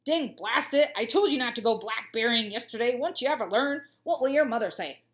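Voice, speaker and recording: A woman voicing a grumpy, vain young male lion in a storybook, loud and blustering. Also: a little high, very animated, fast talker.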